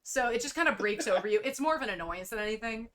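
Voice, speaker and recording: Woman streamer as game master, bright voice, rambling and swearing. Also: fairly high pitch, animated, quick pace, slight background noise. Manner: rambling, swearing, laughing often. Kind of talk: casual tabletop narration.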